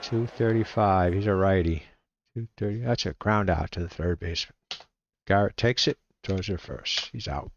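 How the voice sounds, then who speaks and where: Low-voiced man calling a dice baseball game. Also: lo-fi sound, a little hiss or hum. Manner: relaxed and halting, reading numbers aloud, muttering to himself. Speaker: solo tabletop baseball game player. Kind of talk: casual play-by-play while rolling dice.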